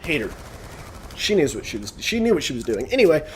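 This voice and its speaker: A man's voice: a little high, very animated, quick pace, slight background noise. A young man vlogging a casual, sarcastic, rambling rant about an annoying shopper. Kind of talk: casual ranting vlog.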